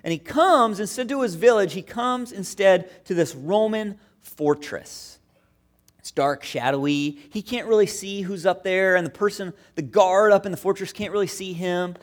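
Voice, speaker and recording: Conversational male pastor, higher voice. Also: normal speed. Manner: conversational, storytelling with acted-out quotes. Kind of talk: sermon.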